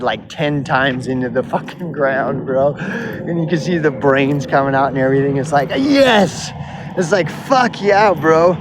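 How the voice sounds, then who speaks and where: A man with an Oklahoman accent telling a profane, excitable, rambling story outdoors. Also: medium pitch, background noise. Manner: excitable, heavy swearing, rambling.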